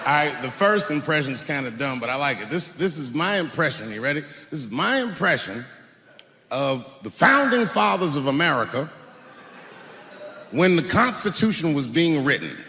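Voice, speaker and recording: A man doing live stand-up on a large theater stage. His storytelling is profane and animated, and he shouts his punchlines. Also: a little high, moderate pace. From Washington, D.C. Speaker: stand-up comedian. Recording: echoey hall with live audience noise.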